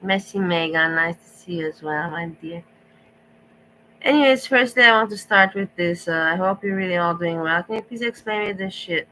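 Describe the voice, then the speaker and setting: A woman chats casually with her livestream viewers, slipping into mocking, exasperated rants. Her voice sits a little low but sounds bright and forceful. A faint hum runs underneath. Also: normal speed, poor audio. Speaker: livestream host. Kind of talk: casual chat with live chat viewers.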